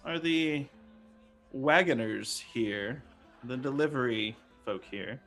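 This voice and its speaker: A man's voice: medium pitch, slow pace, fairly bright tone, faint music behind. A man voicing a gray-haired older woman in a tabletop game, chatty and persuasive as she asks for help. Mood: friendly.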